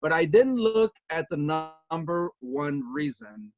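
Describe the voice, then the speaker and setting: A man's voice: sing-song, slow, soft background music. A man in his fifties giving a motivational talk from home on a video call, chatty and long-winded, repeating himself as he goes. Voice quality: upbeat and chatty, high-spirited. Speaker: guest speaker on a video call. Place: home with pet dogs nearby.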